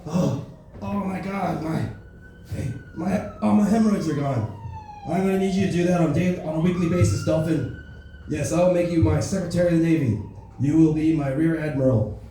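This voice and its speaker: Man doing a pompous crude elder statesman impression, very dark mellow tone, echoey club heard from a distance. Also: fairly high pitch, huge pitch swings, moderate pace, a little hiss or hum, pitched above the performer's own voice. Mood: mock delighted. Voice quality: brash, rambling, self-important. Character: boastful crude older male politician. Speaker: stand-up comedian. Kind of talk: stand-up impression. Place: comedy club open mic. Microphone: stage microphone. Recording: echoey room from far off.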